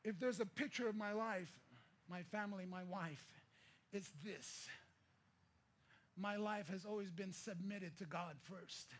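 Speaking at a measured pace with long pauses, a middle-aged pastor from the Philippines tells a personal story in his sermon. His high voice rises at times into shouting and pleading.

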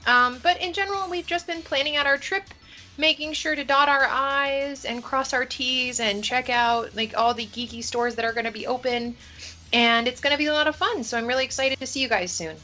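A woman chats on an online show in a bright, sharp voice that sits fairly high. She sounds eager and upbeat, with plenty of ums and likes. Light music plays behind her. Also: fairly quick. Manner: upbeat, eager, filler-heavy. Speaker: podcast co-host. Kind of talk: casual chat.

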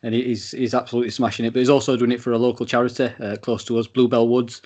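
A man's voice: medium pitch, little pitch movement, racing, a little mellow. A British man co-hosting a casual podcast, friendly and rambling, with many fillers. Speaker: podcast co-host.

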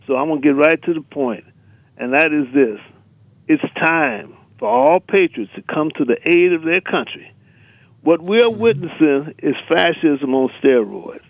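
A male caller comes through a thin, tinny telephone line, his voice pitched fairly high and completely dry. He talks in a fiery, emphatic way, piling up rallying lists as he drives his point home. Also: dry recording. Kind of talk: impassioned radio call-in rant.

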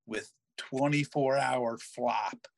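An older man hosting a podcast, telling a long story in a lively, self-mocking way and slipping into other people's voices. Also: mid-range voice, slow, gravelly, no room sound. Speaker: podcast host. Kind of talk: storytelling in casual chat.

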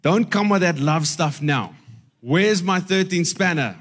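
A pastor voicing an irritable husband who keeps demanding his missing spanner, shouting in exasperation. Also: high voice, steady tone, a little slow, slightly rough, voice pushed up, heavily acted. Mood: exasperated.

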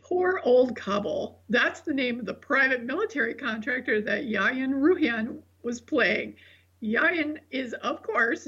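A woman co-hosting a podcast with a raspy, gravelly voice and a bubbly, playful manner. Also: on the high side, fairly bright tone. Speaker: podcast co-host. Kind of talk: casual podcast chat, reading segment. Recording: dull lo-fi audio.

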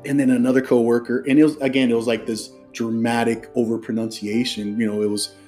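A man hosting a podcast, telling stories in casual chat and dropping into quick impressions. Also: mid-range voice, level tone, darkish tone, faint music behind. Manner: chatty storyteller, drops into quick impressions. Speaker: podcast host.

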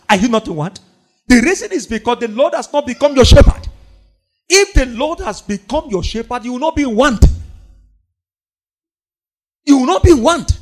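Male preacher, high and very animated, repeats lines for emphasis and quotes scripture between sudden loud bursts. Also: moderate pace, pauses often. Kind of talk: sermon.

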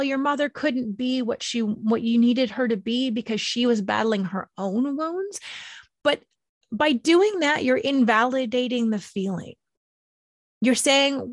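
A woman gently reflecting on healing and self-compassion, slow and tender, emotional and near tears. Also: fairly high pitch, dry recording, studio quality. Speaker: speaker sharing personal healing. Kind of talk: reflective personal talk.

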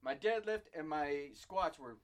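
A man in his fifties, a podcast co-host, telling lively high school stories and laughing through them. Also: unhurried. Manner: animated storyteller who laughs through his anecdotes. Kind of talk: casual chat, storytelling.

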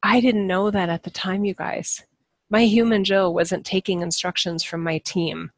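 A woman talking casually to her followers as a spiritual channeler and teacher, animated and earnest, laughing often as she reflects on herself. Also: fairly low pitch, moderate pace, vocal fry, no room sound.

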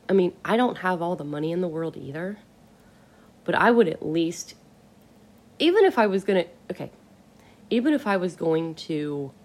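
A woman's voice: deep voice, a little mellow. A woman hosting a casual solo podcast, ranting bluntly and with exasperation, swearing casually. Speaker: podcast host.

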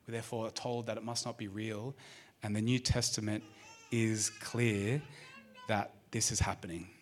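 Animated Australian pastor preaching. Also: male voice, medium pitch. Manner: animated, speaks straight to the congregation with questions. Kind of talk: sermon. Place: church service.

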